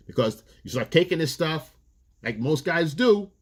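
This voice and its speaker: A man's voice: on the high side, animated, normal speed. Blunt, profane man giving dating advice. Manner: blunt, profane, street-casual talk. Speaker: dating coach. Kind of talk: casual advice monologue.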